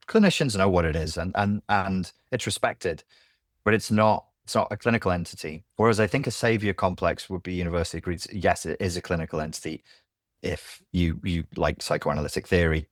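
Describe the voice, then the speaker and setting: Deep-voiced blunt man, dry sound. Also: fairly quick, dry recording. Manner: blunt and animated, swears, acts out quoted voices. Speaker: podcast guest. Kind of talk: candid conversational interview.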